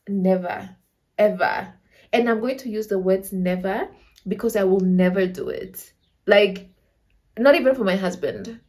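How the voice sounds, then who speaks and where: A woman's voice: medium pitch, measured pace, darkish tone. A woman in her twenties from Namibia, casually telling a storytime vlog and acting out the other people's lines, with local slang mixed in. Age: 20s. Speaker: storyteller vlogger.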